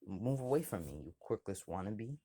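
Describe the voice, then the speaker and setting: A man voicing a bitter, ungrateful bullied young boy who whines fast. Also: lowish voice, very animated, mellow, slightly rough, heavily acted.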